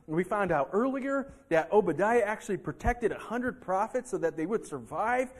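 A man's voice: high voice, moderate pace, few pauses. A male pastor delivering a sermon in a church, acting out heated arguments between people. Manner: animated preaching, acting out heated quotes. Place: church sanctuary.

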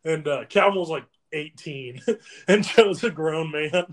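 A man's voice: on the high side, a little slow. A young man hosting a podcast, telling rambling anecdotes with lots of fillers and laughing through them. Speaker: podcast host. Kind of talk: casual podcast storytelling.

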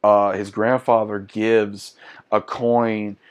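Chatty thirties guy, lowish voice, upbeat casual movie reviewer. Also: flat delivery, slow pace, clean tone. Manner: enthusiastic, chatty.

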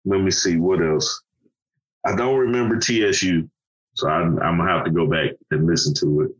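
A man's voice: deep voice, fairly even intonation, moderate pace, husky, lo-fi sound. A man in casual conversation about an album, hesitant and often rephrasing himself. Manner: hesitant, rephrases, many fillers. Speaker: podcast co-host. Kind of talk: casual music review chat.

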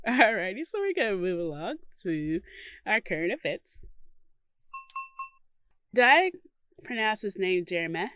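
A woman's voice: medium pitch, very animated, takes it slowly, pauses often, a bit bright, dry recording. A woman co-hosting a podcast in casual chat, talking loosely with lots of fillers and casual swearing. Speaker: podcast co-host.

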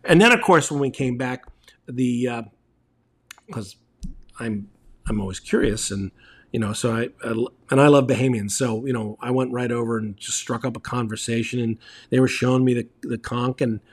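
A man's voice: mid-range voice, normal speed, breathy edge. A middle-aged man telling casual, rambling travel stories as host, with lots of fillers and restarts.

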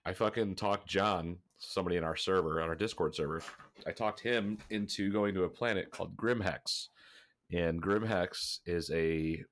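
A man's voice: deep voice, steady tone, moderate pace, a bit bright. A man co-hosting a gaming podcast, chatting casually and a little congested, rambling and swearing as he talks. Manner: rambling, swears freely, laughs often. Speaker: podcast co-host.

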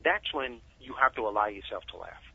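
A man, a guest author, telling animated stories in a casual interview over a muffled phone line. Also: lowish voice, brisk, creaky, slightly rough, dry recording. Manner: animated storyteller.

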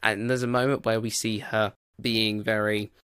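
A man's voice: on the low side, flat delivery, moderate pace, a bit bright, smooth, no echo, clean studio sound. A man giving a casual spoken film review, rambling and loose with plenty of "like" and "you know".

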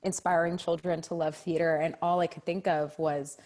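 A young adult woman, a stage actress guest in a casual interview chat, telling animated stories and acting out children's reactions. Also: sits low, moderate pace. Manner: animated storyteller, acts out kids' reactions.

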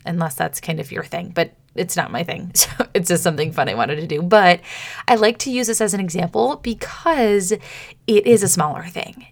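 A woman's voice: on the low side, vocal fry. A woman hosting a solo coaching podcast, talking casually and chattily and acting out her own inner voice.

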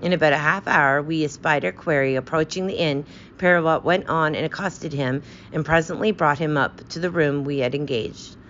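A woman narrating a detective story in an even, steady reading voice. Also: low-pitched, moderate pace, hardly any pauses, highs cut off, slight background noise. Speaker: audiobook narrator.

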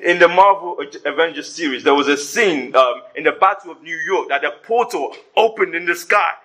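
Brit pastor going all over the place pitch-wise, bright tone, jokey sermon to the church. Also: male voice, poor audio. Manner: animated preaching with humorous asides. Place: church service before a congregation.

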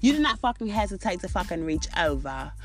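A woman's voice: fairly low pitch, sing-song, a little fast, faint music behind. A British woman hosting a podcast, ranting in foul-mouthed, indignant commentary full of rhetorical questions. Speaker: podcast host.

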